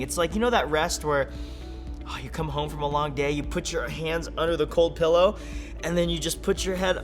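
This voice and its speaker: A young man giving an energetic, playful sermon for children, full of jokes and acted-out voices. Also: a little high. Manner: playful, animated, acts out silly voices and laughs. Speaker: kids ministry speaker.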